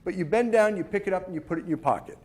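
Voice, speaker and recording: A man's voice: sits high, very fast, darkish tone. A middle-aged man coaching tennis players on the mental game, talking emphatically, asking himself rhetorical questions and restarting on repeated words. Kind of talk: instructional talk on mental game.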